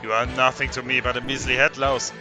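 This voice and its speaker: A man's voice: medium pitch, level tone, a little fast, lightly acted. Guy reading out a smug evil knight baddie, boasty and taunting, game music going under it. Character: arrogant bloodthirsty male evil knight villain. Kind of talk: reading game dialogue aloud.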